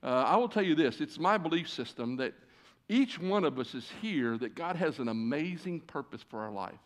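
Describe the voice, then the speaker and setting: A man of about sixty delivers a sermon to a big congregation. He tells stories in a folksy, self-deprecating way and fills his pauses with "uh." His voice sits a little higher than most men's. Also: animated. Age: 60s. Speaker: guest preacher. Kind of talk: sermon with storytelling. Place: church stage before a large congregation.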